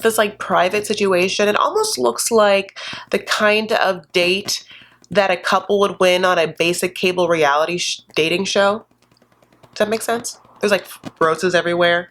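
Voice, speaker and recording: A woman with a mid-range, slightly bright voice gives a sassy, casual reality-show recap straight to camera, animated and at normal speed. She laughs often and calls her viewers honey. A desk condenser mic picks her up, with slight background noise.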